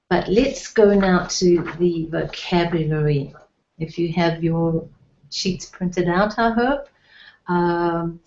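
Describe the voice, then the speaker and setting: A woman's voice: fairly low pitch, darkish tone. A woman teaching a Hebrew language lesson, patiently repeating words with frequent ums. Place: indoor room, recorded at night. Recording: echoey room, dull lo-fi sound.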